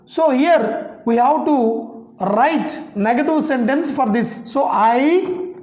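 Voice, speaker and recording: A grammar teacher, a woman, spells out example sentences word by word and keeps saying "okay" as she repeats herself. Her voice sits high and moves at an unhurried pace. The sound carries the echo of a bare room. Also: a little mellow. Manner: slow and repetitive, dictating sentences word by word, frequent "okay". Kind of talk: classroom grammar explanation. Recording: echoey room.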